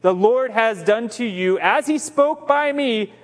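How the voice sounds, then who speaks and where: Brief: man reading a grim old prophet's ghost; slow, grave, reverberant hall. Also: extremely high pitch, animated. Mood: solemn.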